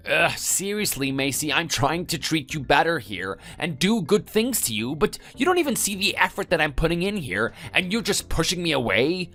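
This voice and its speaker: A text-to-speech voice voicing a whiny, lazy young husband who blusters and then pleads in a text-message story. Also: male voice, fairly high pitch, big pitch swings, moderate pace, hardly any pauses, sharp tone, faint music behind, exaggerated voice. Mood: pleading. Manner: whining, blustering.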